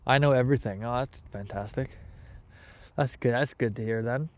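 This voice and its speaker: Outdoors in the snow, a Canadian man hosts a fishing livestream, chatting casually with viewers and reading their comments aloud. His mid-range voice moves at a normal speed in an easygoing, rambling style, and the recording is dry.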